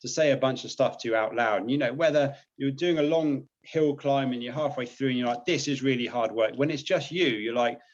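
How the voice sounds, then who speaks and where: A man's voice: medium pitch, fairly quick, hardly any pauses, highs cut off. A British man, a naval officer, chatting casually and upbeat in an interview, laughing often. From Britain. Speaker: guest, naval officer and charity cyclist.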